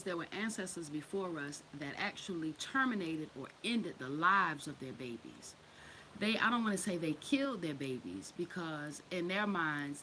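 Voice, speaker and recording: A woman talks straight into the mic in a loose, unscripted monologue, blunt and full of swearing. Her voice is bright, with a slight edge to it. She laughs easily and slips into other people's voices as she tells things. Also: fairly low pitch, a little hiss or hum, poor audio. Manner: blunt and profane, laughs often, acts out quoted voices. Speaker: host.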